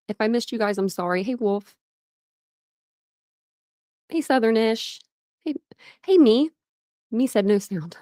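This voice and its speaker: A woman's voice: medium pitch, no room sound, clean studio sound. Chatty woman hosting a livestream. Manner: chatty, laughs often, greets chat by name. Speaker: livestream host. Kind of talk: casual livestream chat. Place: home.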